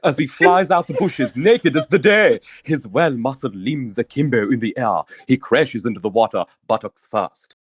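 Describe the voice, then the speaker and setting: A vain, flamboyant romance novelist, put on by a man who swoops through a lively pitch range and savors every ornate phrase. The voice is dry and close, with no room around it, and each line sounds like a grand public reading in a tabletop game. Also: normal speed, few pauses, slightly rough, dry recording. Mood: pompous. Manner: grandiose, theatrical, ornate wording.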